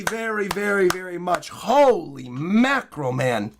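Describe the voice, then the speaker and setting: Hoarse, excitable man streaming live, gravelly. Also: high-pitched, normal speed, few pauses. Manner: excitable, bursts into loud hyped yelling. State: hoarse, voice worn out. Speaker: streamer reacting to a comic chapter. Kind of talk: casual livestream chat.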